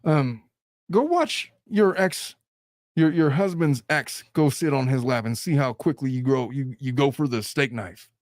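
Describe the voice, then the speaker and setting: Man, podcast host, blunt and animated, swears a lot, dry close sound. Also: mid-range voice, a little slow, dry recording. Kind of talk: casual podcast chat.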